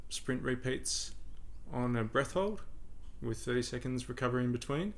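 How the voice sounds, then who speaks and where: A man hosting a podcast, explaining ideas in a relaxed, conversational way and laughing often. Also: medium pitch, normal speed. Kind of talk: casual conversation.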